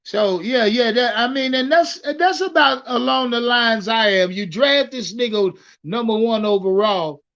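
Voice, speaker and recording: High, bright-voiced man streaming sports talk. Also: measured pace, few pauses, muffled recording. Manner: animated, profane, repeats words when starting thoughts. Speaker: livestream sports host. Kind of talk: casual livestream commentary.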